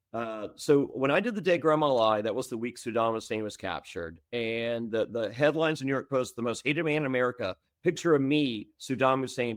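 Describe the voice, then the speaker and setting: A man telling stories as a podcast guest, animated and self-mocking, often stammering and repeating words and jumping high when he quotes people. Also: no room sound, studio quality. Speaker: guest, former reality show contestant. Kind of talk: casual storytelling in a podcast interview.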